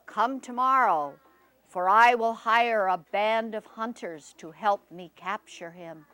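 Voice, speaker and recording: A woman's voice: mid-range voice, slow. A commanding rich village man, as a woman storyteller voices him. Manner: loud and commanding.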